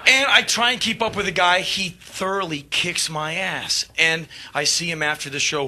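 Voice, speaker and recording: A man, a touring rock musician, telling a backstage anecdote with animated, profane energy, acting out scenes. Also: sits high, normal speed, hardly any pauses, a little hiss or hum. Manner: animated, swearing, acts out scenes, bursts of laughter and shouts. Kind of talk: storytelling anecdote.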